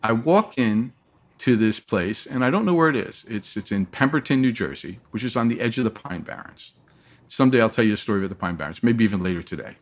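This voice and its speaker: Speaking quickly in a lowish voice, this male interview guest shares a lengthy story from his own life. He animates it by mimicking the people he quotes.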